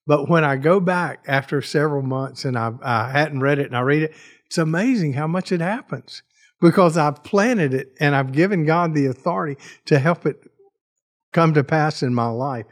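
A man's voice: a little high, normal speed. A male author, a guest on a talk show, speaking earnestly and reflectively about his practice of faith. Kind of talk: casual chat.

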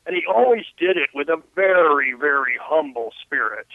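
Over a tinny phone line, an older author guesting on an interview reflects on stories, frequently starting his sentences over. His voice sits on the high side, expressive at a normal speed, in a dry recording.

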